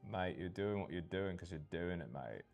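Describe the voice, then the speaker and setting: A man's voice: low voice, lively intonation, moderate pace, creaky, a little mellow, faint music behind. A man voicing a mock Australian bloke who hypes people up, repeating "mate" and swearing playfully. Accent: put-on Australian.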